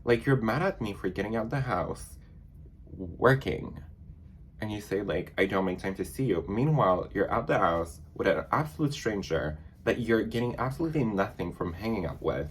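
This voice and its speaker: A man's voice: lowish voice, animated, moderate pace, a little hiss or hum. A man chatting casually in a sassy, dramatic storytime vlog, full of fillers. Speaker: vlogger.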